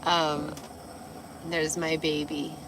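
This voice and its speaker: A woman hosting a casual livestream, a little tipsy and hoarse, gushing and swearing as she reads viewer comments. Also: low voice, little pitch movement, extremely slow, noisy background. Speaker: livestream host.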